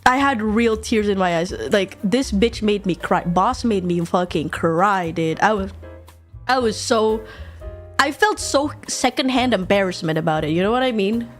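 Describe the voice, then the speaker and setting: A young woman streaming casually while drawing, excitable and quick to laugh, swearing often. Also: mid-range voice, faint music behind.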